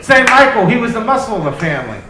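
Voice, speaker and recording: A high-pitched man works through a stand-up comedy set, loose, profane and quick to mock himself. His voice rings in an echoey club, with a crowd laughing loudly behind him. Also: very animated. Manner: self-deprecating, loose, profane. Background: audience laughter.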